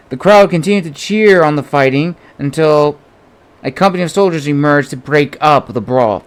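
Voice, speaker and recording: A man's voice: fairly high pitch, unhurried. A man narrating an audiobook, reading steadily and giving the characters small shifts of voice. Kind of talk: audiobook narration of his own novel.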